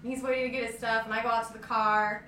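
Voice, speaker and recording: A woman's voice: on the high side, little pitch movement, quick pace, fairly bright tone. A woman telling a story to friends, laughing and acting out dialogue. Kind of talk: casual storytelling among friends. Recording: echoey room, distant mic, noisy.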